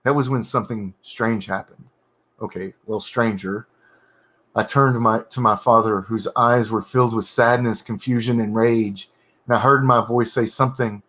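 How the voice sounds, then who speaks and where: A man reading his own horror story draft aloud, pausing in halting bursts to correct his wording and comment on it. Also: mid-range voice, steady tone, fairly bright tone. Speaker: writer streaming his editing.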